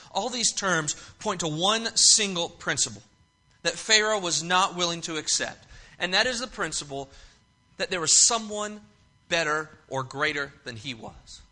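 A man's voice: a little high, lively intonation, unhurried, sharp tone. A man preaching a sermon, reading scripture aloud and then explaining it with emphatic repetition and frequent restarts. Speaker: pastor.

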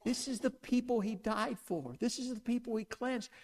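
A man's voice: very high-pitched, moderate pace. A man preaching a sermon to a congregation, asking them one question after another with an emphatic delivery. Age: older.

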